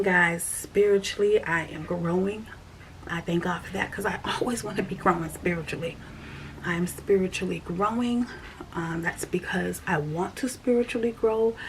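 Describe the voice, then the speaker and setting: A woman speaks in an earnest, repetitive way, like a personal testimony. Her voice sits at a middle pitch and often drops into a soft whisper. Faint background noise runs under the recording. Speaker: vlogger sharing a faith check-in. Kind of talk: casual spoken testimony to camera.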